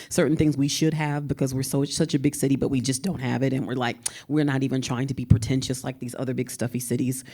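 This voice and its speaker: Texas woman with a twang, super low mellow voice, chatty and laughing a lot on a panel. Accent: Texan twang. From San Antonio, Texas. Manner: chatty, rambling, laughs often. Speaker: poet and panelist. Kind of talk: casual panel talk.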